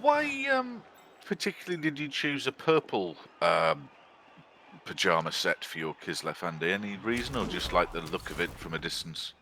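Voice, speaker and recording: Bright, low-voiced joking man. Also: sing-song, moderate pace, a little hiss or hum. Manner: chatty, joking and teasing. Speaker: co-commentator. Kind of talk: casual game commentary.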